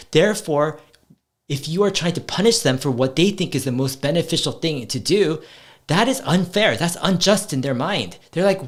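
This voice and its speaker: A middle-aged man talking casually about parenting in a rambling way, often restarting words and acting out his kids' lines. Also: fairly high pitch. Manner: rambling, repeats words, quotes his kids in lively voices. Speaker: host.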